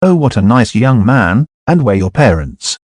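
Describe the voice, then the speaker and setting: A man's voice: mid-range voice, big pitch swings, moderate pace, a little mellow, no room sound, studio quality. A man voicing a kind middle-aged mother who scolds in a motherly way.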